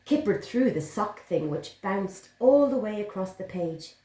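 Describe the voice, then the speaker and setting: A woman's voice: mid-range voice, animated, unhurried, few pauses, warm tone. A woman teaching young children, encouraging and sing-song as she reads a picture book aloud. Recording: roomy echo.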